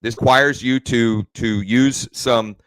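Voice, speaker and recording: Man, real estate coach, home live stream; slow, low, restarts lines, dry sound. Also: fairly even intonation, a bit bright, clear, resonant tone, dry recording. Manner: rambling, self-correcting, restarts phrases. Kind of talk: casual live-stream teaching.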